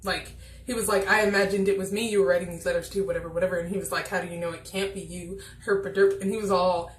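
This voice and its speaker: A woman's voice: fairly low pitch, steady tone, rapid-fire, a little hiss or hum. Brief: woman, casual vlog reviewer, chatty and exasperated, in a roomy echoey room. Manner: chatty, exasperated, acts out scene dialogue.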